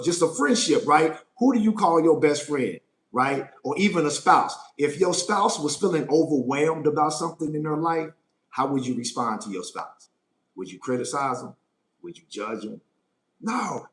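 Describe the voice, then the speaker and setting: With a voice on the high side and a reverberant sound, a man leads a live motivational Q&A as a life coach. His delivery is emphatic, and he often repeats phrases and checks in with "right?"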